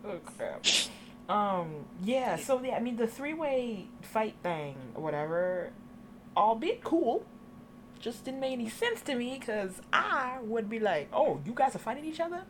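A woman's voice: on the high side, sing-song, takes it slowly, background noise. A woman on a podcast panel, chatting casually in a sassy, slangy way. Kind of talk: casual chat.

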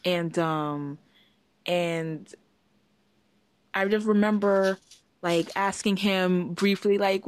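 A woman co-hosting a casual podcast, telling a long story with lively acted-out quotes. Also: mid-range voice, unhurried, pauses often, no room sound. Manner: animated storyteller, acts out quotes. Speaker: podcast co-host. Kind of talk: casual chat.

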